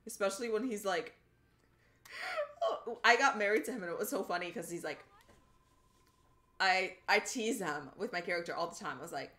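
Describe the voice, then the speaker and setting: A young woman chatting live while she plays a game, bubbly and quick to giggle. Her pitch swings widely as she greets viewers and gushes about characters. It is a relaxed, casual streaming voice. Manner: bubbly, giggly and animated, greeting chat by name.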